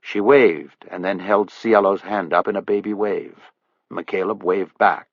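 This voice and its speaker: A man reading an audiobook thriller in measured scripted narration. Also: low voice, steady tone, dry recording. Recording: dull lo-fi dry audiobook recording.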